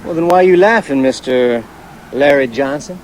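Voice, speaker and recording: An actor playing a smug male highway cop who speaks mock-stern and taunting in a film comedy scene. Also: normal speed, a little mellow, slight background noise, natural voice, rough recording. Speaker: highway patrol officer.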